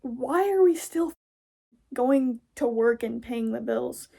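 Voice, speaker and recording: A young woman from the United States venting into her podcast in a blunt, profane monologue. Her voice sits high but has a gravelly fry running through it. She sounds fed up. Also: lively intonation, slow pace, mellow. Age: young adult. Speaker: podcast host. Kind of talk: casual ranting monologue.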